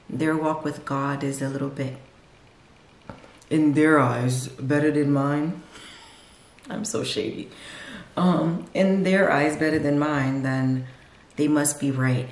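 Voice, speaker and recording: A woman's voice: a bass voice, darkish tone, slight background noise. A young woman in her twenties talking candidly in a home vlog, rambling and confessional, filled with "like". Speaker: vlogger. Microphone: camera mic, no lapel. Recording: echoey room on camera mic.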